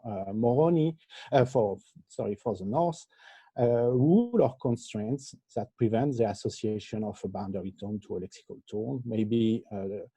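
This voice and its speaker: A man presenting an academic lecture over a video call, halting often with filler sounds. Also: fairly low pitch, dark tone, slightly rough, no room sound. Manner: hesitant, frequent filler sounds. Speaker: conference presenter.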